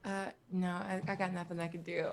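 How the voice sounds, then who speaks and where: A woman's voice: lowish voice, level tone, brisk. A woman playing a tabletop game who playfully narrates her character's actions. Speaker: player. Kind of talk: casual tabletop play.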